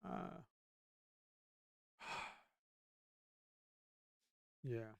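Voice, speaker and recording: A man's voice: drawn-out words, fairly bright tone, dry recording, clean studio sound. A man giving casual live commentary on his day trading, talking to the chart and coaxing the market along, sometimes cursing under his breath. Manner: talks to the screen, coaxing the market aloud. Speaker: livestream day trader.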